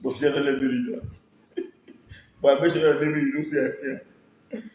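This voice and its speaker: A man with a Nigerian accent, a vlogger casually thanking his viewers by name, shifting between low murmured thanks and sudden loud excited bursts. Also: brisk, reverberant, a little hiss or hum, low-quality recording. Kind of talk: casual Pidgin-laced shout-outs.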